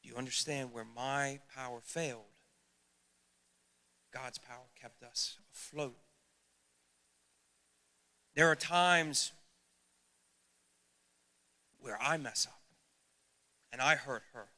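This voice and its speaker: A man's voice: mid-range voice, takes it slowly, pauses often, sharp tone. A middle-aged man preaching a sermon as youth pastor, earnest and emphatic, speaking straight to his listeners.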